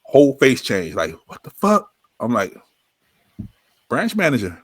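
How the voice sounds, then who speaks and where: Animated man, dry close mic. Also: mid-range voice, measured pace, slightly rough, no room sound. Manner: joking, blunt, repeats punchlines. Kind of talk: casual podcast chat.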